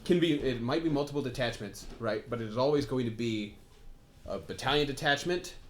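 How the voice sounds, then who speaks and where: A man's voice: mid-range voice, a little fast, slight background noise. Rambling man in casual gaming chat. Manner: rambling, many fillers and asides, laughs often. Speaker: co-host.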